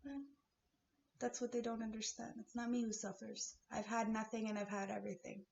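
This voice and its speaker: A woman from Kahnawake in Canada giving a heated spiritual rant to her viewers. She swears freely and swings between shouts and hushed whispers. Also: fairly high pitch, little pitch movement, a little fast, gravelly. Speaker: vlogger. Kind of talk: emotional spiritual rant to camera. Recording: echoey dull-sounding room with faint hiss.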